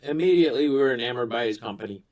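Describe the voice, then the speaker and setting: A man's voice: mid-range voice, animated, very fast, darkish tone, muffled recording. A man in his forties telling a rambling story between bites as a food vlogger, swearing freely. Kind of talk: casual storytelling while eating.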